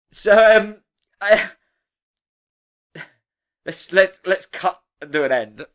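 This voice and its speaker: A man, a dog walker gushing with excitement and laughing often as he talks through his week on a live stream. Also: fairly high pitch. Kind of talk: casual live stream roundup.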